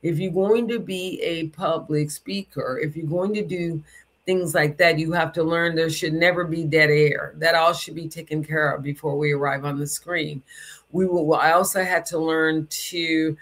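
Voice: medium pitch, fairly even intonation, moderate pace, fairly bright tone. A spiritual teacher giving an informal talk, emphatic and conversational, stretching words out for stress. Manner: conversational, loose, with asides.

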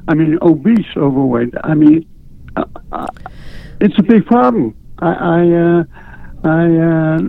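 A man calling in to a radio show over a tinny phone line. His voice is gravelly and pitched a little high. He speaks candidly but haltingly, stumbling over his words. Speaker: caller. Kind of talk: call-in radio conversation.

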